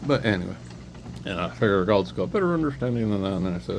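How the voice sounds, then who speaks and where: A man talking alone in a meandering monologue, drifting between thoughts and breaking in with sudden loud interjections. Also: lowish voice, sing-song, quick pace, creaky, a little hiss or hum. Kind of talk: rambling solo monologue.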